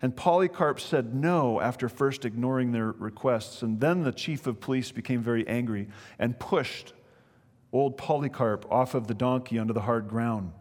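A man preaching as he retells a story, animated, speaking directly to his listeners. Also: medium pitch, moderate pace, big-room sound. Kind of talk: sermon storytelling.

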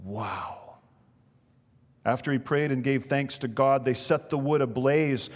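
A male preacher tells a story in an animated way, often turning to speak directly to his listeners. His voice sits at a middle pitch. A long reverb hangs behind him, as in a large hall. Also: moderate pace. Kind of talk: sermon storytelling.

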